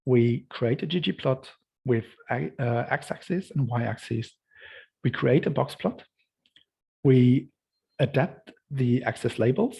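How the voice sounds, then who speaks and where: A man's voice: mid-range voice, creaky, darkish tone, slightly rough, low-quality recording. A man leading a workshop, explaining code step by step and often checking in with "right?". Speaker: workshop instructor. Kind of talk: lecture walking through code.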